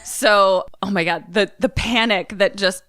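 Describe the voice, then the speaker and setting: A young woman co-hosting a podcast, retelling a movie trailer in casual chat, animated and swearing, with lots of "like". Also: mid-range voice, unhurried, clear, resonant tone, dry recording. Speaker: podcast co-host.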